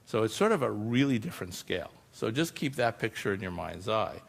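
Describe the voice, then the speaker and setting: A man's voice: lowish voice, sing-song, fairly quick, vocal fry. A man giving a conversational public talk as a scientist, explaining informally and often tossing in asides to the audience. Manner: explains informally, often adds "you know" and "right?". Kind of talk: conversational presentation. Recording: long hall reverb.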